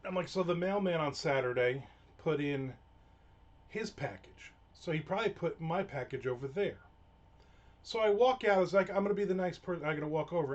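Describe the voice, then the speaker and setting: A man's voice: fairly high pitch, highs cut off. A man on a live stream, telling an aggravated, profane story in a casual rant. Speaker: livestream host. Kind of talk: casual ranting monologue.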